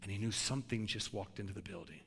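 A man preaching a sermon with animated, folksy storytelling that builds to shouting. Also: on the low side, fast, vocal fry, a little hiss or hum. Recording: long hall reverb.

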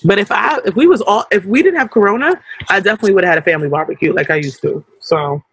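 A young adult woman co-hosting a casual podcast, talking in an animated, slangy way with quick asides. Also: medium pitch, a little hiss or hum, poor audio. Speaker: podcast co-host.

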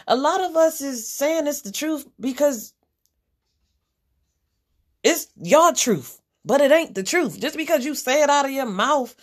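With a high voice, a woman hosting a podcast delivers a general spiritual reading framed as a blunt, profane pep talk that repeats its key lines.

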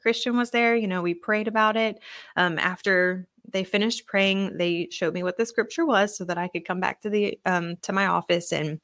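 A woman's voice: fairly low pitch, a bit bright, no echo, clean studio sound. A young adult woman hosting a podcast alone, telling a personal faith testimony in an earnest, conversational way with lots of fillers. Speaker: podcast host.

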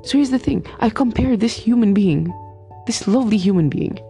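Gravelly-voiced woman in her twenties, rambling. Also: medium pitch, expressive, moderate pace, mellow, faint music behind. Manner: rambling, emphatic, many fillers and restarts. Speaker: medical student. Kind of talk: casual storytelling vlog.

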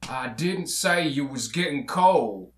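Gruff cussing rancher, read by a man, bright twang, roomy echo. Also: mid-range voice, lively intonation, slow. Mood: scolding. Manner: rough drawling scolding. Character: gruff bossy male rancher, impatient and cussing. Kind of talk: comedy table read.

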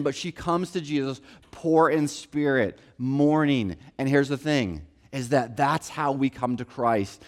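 A man preaching a sermon in a conversational style, often acting out quotes and coming back to stock phrases. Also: sits high. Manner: conversational preaching, acts out quotes, repeats "here's the thing". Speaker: pastor.

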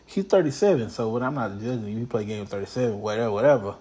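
A man hosting a show, giving casual, comedic commentary on news stories in a blunt, profane, animated way. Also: lowish voice, quick pace, hardly any pauses.

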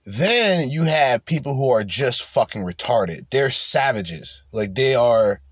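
A man doing casual reaction commentary, laughing and swearing in loose slang. His pitch swings widely as he gets worked up. The sound is close and dry, with no room around it. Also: slow, slightly rough, dry recording. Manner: animated, laughing, profane slang.

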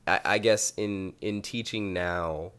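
Brief: deep-voiced male host, halting casual questions. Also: a bit bright, smooth. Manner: hesitant, rambling questions with fillers. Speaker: podcast host, teacher. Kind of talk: casual chat.

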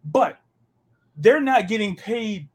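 A man from the American South co-hosting a podcast, talking in an animated, ranting way and stumbling over repeated words when excited. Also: high voice, slow. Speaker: podcast co-host. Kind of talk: casual sports chat.

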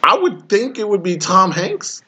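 Man, podcast co-host, casual chat, very lively pitch, laughs a lot, looks things up mid-talk. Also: measured pace, husky.

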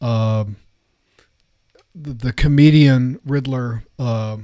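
A man with a mid-range voice chats casually about films. He sounds relaxed and agreeable, and his voice is recorded dry with no room sound. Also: mid-range voice, extremely slow, no echo. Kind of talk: casual chat.

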